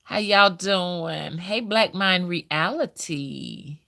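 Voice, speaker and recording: A woman with a Southern US accent, hosting a casual live stream, chatting, greeting viewers by name and pausing often with "um". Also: lowish voice, bright, forceful tone. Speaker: livestream host.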